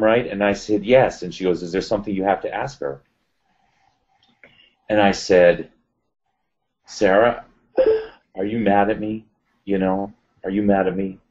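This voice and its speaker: A man speaks in a low voice as a guest in a casual interview, telling a personal story with animated retelling. He acts out the voices of the people he quotes. The sound is dull and lo-fi. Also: unhurried, pauses often.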